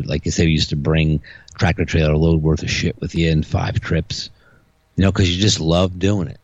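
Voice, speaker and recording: A man's voice: low voice, darkish tone, dry recording, highs cut off. A man co-hosting a casual podcast chat, chiming in easily. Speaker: podcast co-host.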